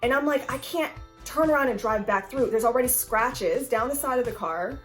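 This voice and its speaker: A young American woman vlogger telling a road trip story in a casual, animated way, full of "like" and the odd swear word. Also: on the high side, moderate pace, soft background music.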